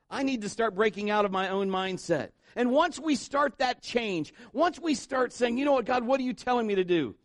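High-voiced man preaching a sermon. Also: no echo. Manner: joking asides, voices quotes. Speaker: pastor. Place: church.

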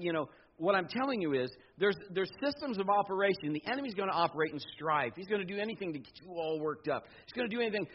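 A middle-aged man pastor preaching a sermon, telling personal stories with animated asides and quoted voices. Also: fairly high pitch, breathy edge. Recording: dull lo-fi sound.

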